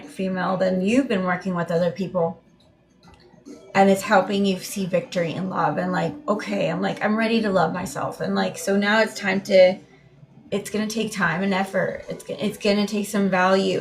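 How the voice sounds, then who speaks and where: A woman's voice: medium pitch, steady tone, moderate pace, faint music behind. A woman giving a live tarot reading in a meandering, heartfelt way, often repeating and restarting her words. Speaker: tarot reader.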